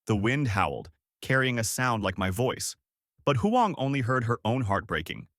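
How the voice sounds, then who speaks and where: A man narrating a story in a measured, solemn way. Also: medium pitch, big pitch swings, fairly bright tone, no room sound, studio quality.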